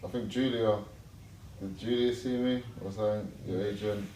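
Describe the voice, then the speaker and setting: A man's voice: on the low side, fairly even intonation, normal speed, warm tone. A man speaking in a hesitant, laid-back way in a casual interview. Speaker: interview guest, son. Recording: echoey room, mic far off, faint noise.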